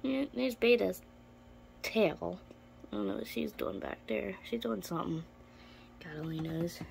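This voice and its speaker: Woman, reptile-keeping vlogger, casual and chatty, gravelly low edge, dark tone, faint hum behind. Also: measured pace. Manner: chatty, switches to high baby talk with her pets. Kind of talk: casual vlog talk to camera. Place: indoors in a room full of reptile enclosures.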